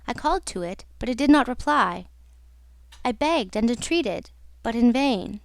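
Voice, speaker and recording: Woman voicing a young female opera singer, earnest, wistful, fairly high voice, dry close sound, storybook. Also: animated, measured pace, vocal fry, dry recording. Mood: confiding.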